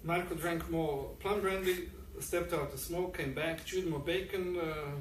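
A man reading his own fiction aloud at a public event, halting with frequent fillers. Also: a little high, fairly even intonation. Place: event hall. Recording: echoey room, distant mic, faint noise.

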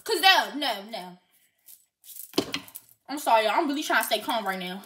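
A young woman vlogger scolding loudly and theatrically in an animated prank rant. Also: high-pitched, moderate pace, long pauses, loud music behind the voice. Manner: scolding, loud and theatrical, frequent shouting.

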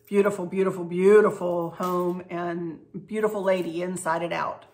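A woman's voice: on the low side, fairly even intonation, moderate pace, a little mellow, slight background noise. A woman in her fifties hosting a craft and decor channel, answering viewer questions in a folksy, rambling way and laughing often. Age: 50s. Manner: chatty and rambling, laughs often, restarts and digresses; folksy and affectionate. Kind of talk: casual Q&A chat to viewers.

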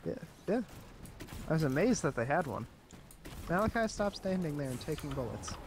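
A man's voice: fairly high pitch, lively intonation, moderate pace. A young man bantering playfully with friends while they play a game together. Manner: teasing, playful. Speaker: teammate in voice chat. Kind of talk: casual gaming banter. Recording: voice chat mic with background noise.

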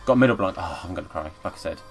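A young man commenting live on a football video game as a streamer, chatting with viewers and bursting into excited shouts at the play. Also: low-pitched, very fast, vocal fry. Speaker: gaming streamer. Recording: faint background music.

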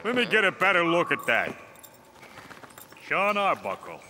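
A man's voice: high voice, wildly swooping pitch, a little slow, sharp tone, a little hiss or hum, exaggerated voice. An actor playing a blunt, folksy male dogcatcher in a cartoon. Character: gruff working-class male dogcatcher. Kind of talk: cartoon voice acting. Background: cartoon background music.

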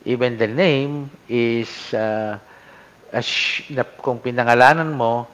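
A middle-aged Filipino priest with a Filipino accent, giving a conversational Bible lecture that mixes Tagalog and English, with a frequent "no?" and lifts in pitch when he quotes scripture. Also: slow pace, fairly bright tone. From Philippines. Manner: conversational, frequent tag "no?" and fillers, rises sharply when quoting scripture. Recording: dull lo-fi lecture recording.

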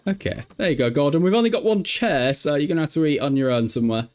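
A young man casually commenting on a life-sim game, laughing often and yelling at the characters. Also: on the high side, expressive, fast. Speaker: streamer. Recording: faint music behind.

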